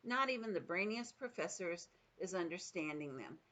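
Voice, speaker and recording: A kindly old giant from a storybook, gentle and earnest, with grammar that tumbles out muddled, voiced by a grandmother reading aloud. The voice sits fairly low and unhurried. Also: lively intonation, lo-fi sound. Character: big friendly old male giant.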